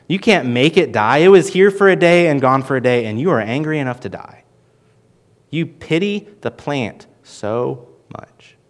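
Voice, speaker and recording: A man teaching through a Bible passage in an earnest sermon, with lively emphasis and frequent restarts. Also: on the high side. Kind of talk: expository sermon.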